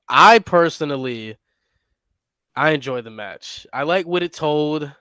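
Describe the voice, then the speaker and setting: A man's voice: fairly high pitch, lively intonation, measured pace, pushed and bright, clear, resonant tone, no echo. A man co-hosting a wrestling podcast, laying out his opinions at length in casual chat. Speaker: podcast co-host.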